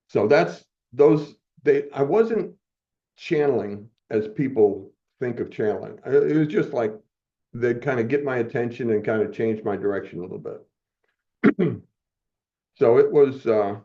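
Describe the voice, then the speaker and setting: With a medium-pitched, animated voice and a measured pace, an older man recounts a meandering personal tale as a podcast guest. He laughs often and backtracks to fix what he said, keeping it casual, though the sound is dull and muffled.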